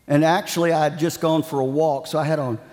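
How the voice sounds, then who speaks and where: A man's voice: on the high side, fairly even intonation, fast talker, darkish tone. A man delivers a sermon, building his points through dramatic, repeated phrases and a storyteller's pacing. His voice rings out with a long reverb, as if it fills a large hall. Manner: dramatic, emphatic preaching cadence with repetitions. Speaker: preacher.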